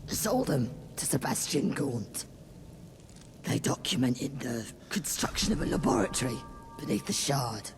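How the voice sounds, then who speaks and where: A man voicing a gravelly, slow river-folk leader. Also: medium pitch, very animated, noisy background. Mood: pleading. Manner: slow, hesitant pleading. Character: weary male leader of a fish-like river people. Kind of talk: video game dialogue.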